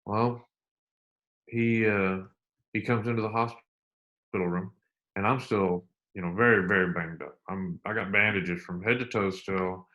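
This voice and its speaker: A middle-aged man speaks in a low voice. He tells his story with earnest repetition and slows right down when it matters. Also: steady tone, pushed and bright, muffled recording. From United States. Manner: earnest, repeats himself, slow and emphatic at emotional points. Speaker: interview guest, army veteran. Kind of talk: candid storytelling interview.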